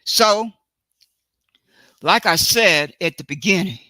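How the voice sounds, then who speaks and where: A woman hosting a solo live stream, talking in a deliberate, emphatic way and often stopping to correct and repeat herself. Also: lowish voice, bright, forceful tone, no echo. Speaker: livestream host. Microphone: computer mic for a live stream.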